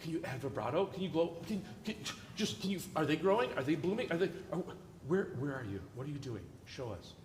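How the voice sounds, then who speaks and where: With big pitch swings, a fairly high voice and a fast, slightly mellow delivery, a man conducts an orchestra rehearsal, coaching with jokes and encouragement. The large concert hall is echoey with long reverb, and a little hiss or hum is audible.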